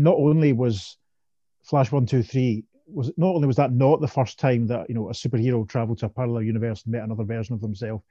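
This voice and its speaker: A man chats casually as a podcast co-host, laughing often and restarting his sentences. His voice is warm and mellow. The sound is dry and dull, a little lo-fi. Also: medium pitch, no echo. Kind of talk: casual chat.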